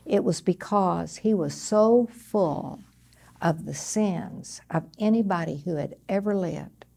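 A woman's voice: mid-range voice, creaky, darkish tone. A woman minister preaching a sermon, dramatic, dropping to a near-whisper when quoting and rising again. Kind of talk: televised sermon.

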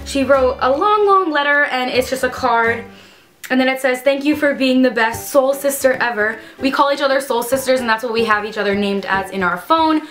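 At home, a young beauty vlogger unboxes products in a relaxed vlog, gushing and squealing with delight. Her voice is high and a bit bright, her pace normal, with faint music playing behind her.

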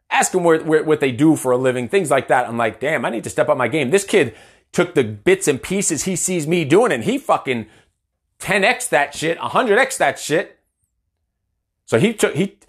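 Male coach, 30s, higher-pitched, profane livestream storyteller. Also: slightly rough. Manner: profane, ranting, animated storytelling. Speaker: performance coach. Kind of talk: Facebook Live monologue.

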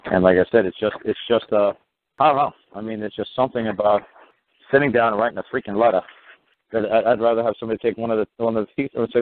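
A man with a low voice talks quickly and bluntly, spinning rambling stories as the host of a call-in show and swearing freely. The sound is thin and tinny, like a phone line, with a faint hiss underneath. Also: fairly even intonation. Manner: blunt, rambling storyteller who swears casually. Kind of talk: rambling call-in radio chat.

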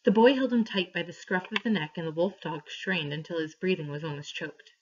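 A woman reading a story aloud to her class, clear and steady, pausing for questions. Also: fairly low pitch. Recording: dull lo-fi recording.

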